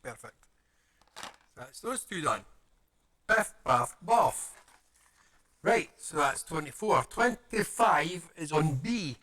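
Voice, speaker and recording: A man's voice: a little high, sing-song, takes it slowly, pauses often, pushed and bright. A man chatting playfully as he builds a paper model, muttering to himself and making silly sound effects.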